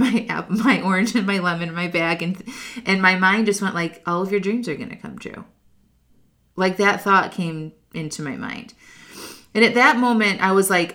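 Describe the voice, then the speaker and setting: A woman with a slightly low voice talks casually and from the heart. She is a life coach speaking straight to her listeners. Her sentences run loose, full of filler words. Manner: chatty, heartfelt, many "like" fillers; addresses listeners directly. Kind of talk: casual storytelling monologue.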